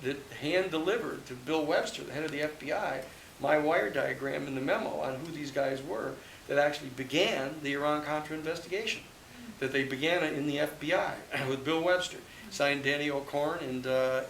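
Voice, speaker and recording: A man's voice: fairly high pitch, normal speed, gravelly, a bit bright. A man, a public interest lawyer, telling stories at length at a book talk with audience questions, rambling with many restarts and fillers. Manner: rambling storyteller, many restarts and "you know". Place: hall with live audience. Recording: echoey hall, faint hiss.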